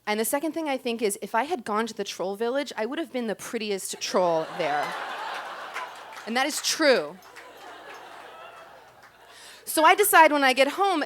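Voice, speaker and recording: A woman's voice: medium pitch, animated, fairly quick, fairly bright tone. Self-deprecating woman telling a story onstage. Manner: conversational and self-deprecating, with frequent "um" and "like". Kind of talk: live personal storytelling. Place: stage of a small club before a live audience.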